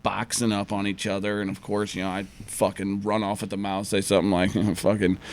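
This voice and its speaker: A man's voice: lowish voice, brisk, no echo. A man co-hosting a podcast, telling a profane story and acting out the quotes in different voices. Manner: profane, animated, acts out quotes in shifting voices. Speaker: podcast co-host. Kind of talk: casual storytelling chat.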